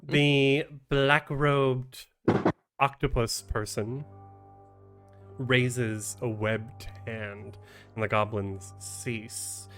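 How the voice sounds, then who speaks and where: Slow, halting game master man. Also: mid-range voice, steady tone, over music. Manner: halting, full of ums and restarts. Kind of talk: narrating a tabletop game on a charity stream.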